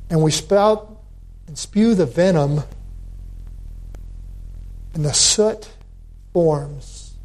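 Slow, deliberate male preacher. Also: sits high, animated, darkish tone. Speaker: pastor. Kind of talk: sermon.

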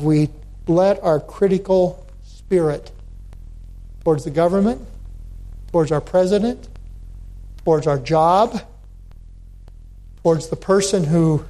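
A man preaching a sermon as pastor, slow and deliberate, with emphatic repetitions. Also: fairly high pitch, warm tone.

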